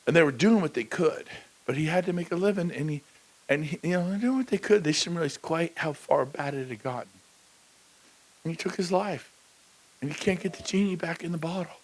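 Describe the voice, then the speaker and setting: A middle-aged man giving a motivational talk on a conference stage, blunt and joking, with sudden loud bursts. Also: a little high, animated, brisk, low-quality recording. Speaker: keynote speaker.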